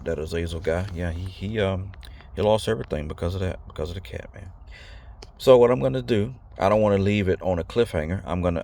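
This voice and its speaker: Very deep gravelly man talking casually. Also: a little mellow. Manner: blunt, rambling, slangy, repeats himself. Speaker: video host. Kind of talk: casual direct-to-camera talk.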